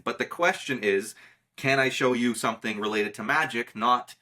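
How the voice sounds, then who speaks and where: A man with a bright, forceful tone, talking shop as a guest in a casual magic conversation. He is emphatic and insistent and often repeats words to push a point. His pitch sits in the middle of the male range. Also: brisk.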